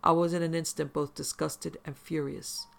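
Man, gravelly voice, slightly high pitch, intense profane horror narration. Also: flat delivery, normal speed, fairly bright tone. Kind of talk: first-person horror story narration.

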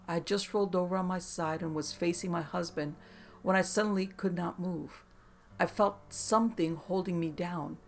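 A narrator giving a steady, measured scripted reading of true scary stories, sinking to a hushed tone at eerie moments. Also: medium pitch, creaky.

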